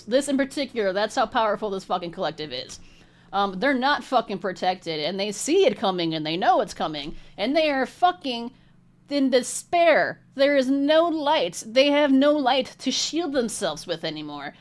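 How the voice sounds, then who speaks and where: A woman with a fairly high voice gives a tarot reading straight to camera. She talks bluntly and indignantly, and she swears freely throughout. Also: very animated, moderate pace. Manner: blunt, heavily profane, indignant. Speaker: tarot reader.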